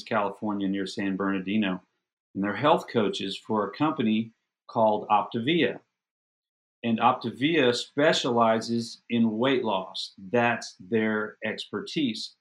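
A middle-aged man, a podcast guest, telling a personal story in a casual, animated, self-deprecating way and doubling up words when excited. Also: on the low side.

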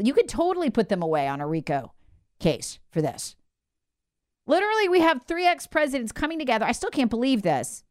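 A woman's voice: on the high side, sing-song, moderate pace, no echo, studio quality. A woman hosting a political commentary show, talking in an emphatic, indignant monologue with sarcastic asides.

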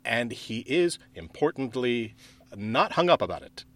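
A man talking as a podcast guest in casual chat, enthusiastic and full of halting restarts. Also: medium pitch, big pitch swings, a bit bright.

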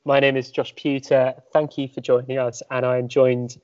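A man hosting a podcast, who opens the episode and introduces his co-host in a brisk way with some fillers. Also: medium pitch, little pitch movement. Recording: dull lo-fi sound.

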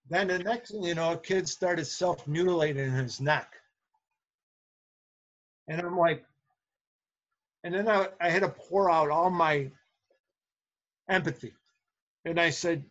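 Middle-aged male teacher, earnest storyteller, husky and higher-pitched. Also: dull audio. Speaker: substitute teacher and guest. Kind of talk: casual storytelling interview.

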